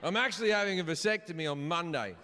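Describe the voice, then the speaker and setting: A high-pitched, fast-talking middle-aged man performs stand-up on a comedy stage, telling brash, profane stories to a live crowd whose noise, along with hall reverb, fills the recording.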